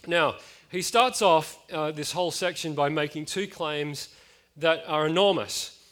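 A man's voice: on the high side, unhurried, a bit bright. A man in his late thirties preaching a conversational sermon, with frequent fillers and chatty asides.

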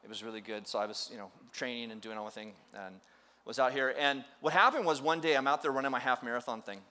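A man's voice: mid-range voice, fast, bright, forceful tone. A middle-aged man preaching a sermon, telling stories with playful acted-out quotes and self-deprecating humor. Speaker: pastor.

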